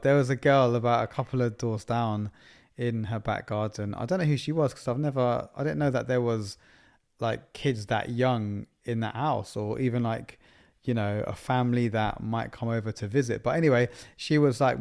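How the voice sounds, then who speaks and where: A man's voice: mid-range voice, vocal fry, a little mellow. A man in his thirties co-hosting a family podcast, chatting casually and sentimentally, often laughing through his stories. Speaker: podcast co-host. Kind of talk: casual chat.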